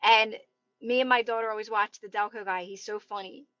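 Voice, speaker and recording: A woman's voice: medium pitch, fairly even intonation, fairly quick, fairly bright tone, dry recording, muffled recording. A woman in her thirties with a Delaware County, Philadelphia-area accent, chatting casually on a live stream, rambling and greeting viewers. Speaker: TikTok live host. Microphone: phone.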